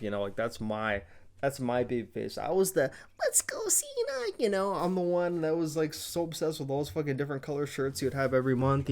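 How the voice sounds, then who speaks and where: A young man casually recapping a wrestling show, rambling, excited and profane. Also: mid-range voice, clean tone. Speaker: wrestling reviewer.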